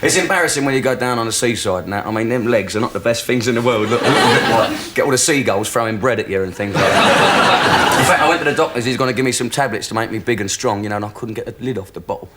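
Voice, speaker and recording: A man's voice: mid-range voice, fast. A man, a comedian guest on a television chat show, telling self-deprecating anecdotes with frequent chuckles. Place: television studio. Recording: hissy 1980s television broadcast.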